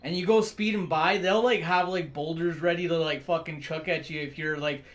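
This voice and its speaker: A man with a high voice chats on a stream. He rambles and swears nonstop. His laughs keep breaking into his stories. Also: steady tone, normal speed, fairly bright tone. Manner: profane, rambling, laughs often. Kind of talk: casual chat.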